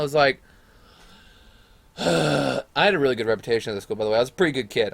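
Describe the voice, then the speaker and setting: A man's voice: medium pitch, racing, creaky. A young man telling a school story in a casual vlog, rambling and profane, acting out what others said. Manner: rambling, profane, animated retelling with quoted voices.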